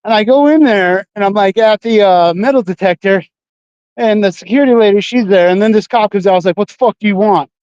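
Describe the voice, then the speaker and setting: A man's voice: high-pitched, fairly quick, darkish tone, clear, resonant tone, dry recording, lo-fi sound. A man livestreaming while walking city streets at night, chatting casually in a rambling, profane way full of fillers.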